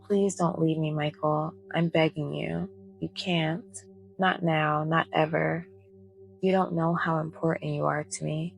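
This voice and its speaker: Lady doing a teary little girl begging softly, low gravelly voice. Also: steady tone, measured pace, faint music behind. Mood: pleading. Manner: soft-spoken, pleading. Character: tearful nine-year-old girl, pleading.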